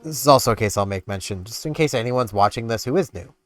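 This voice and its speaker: A man's voice: medium pitch, lively intonation, fast talker, a bit bright. A man rambling casually while playing a video game, chatty and self-deprecating, with game music behind him. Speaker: gaming vlogger. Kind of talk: casual gameplay commentary.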